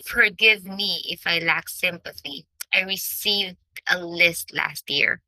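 A woman's voice: fairly low pitch, slow pace, sharp tone, dry recording, full character voice, rough recording. Woman voicing a wry young society lady. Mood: exasperated. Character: quick-witted exasperated young lady.

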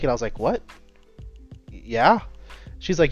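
A young man speaking bluntly on a relaxed podcast, telling stories in a deadpan way. His voice sits at an ordinary middle pitch, with faint music in the background. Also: normal speed, pauses often, lo-fi sound. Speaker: podcast co-host. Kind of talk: casual chat.

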